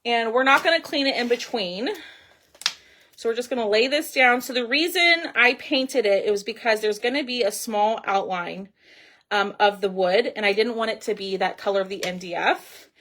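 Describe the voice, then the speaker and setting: Middle-aged woman, slightly high voice, friendly livestream craft host who talks through her steps and reads viewer comments. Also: normal speed, fairly bright tone, a little hiss or hum. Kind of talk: casual craft livestream chat.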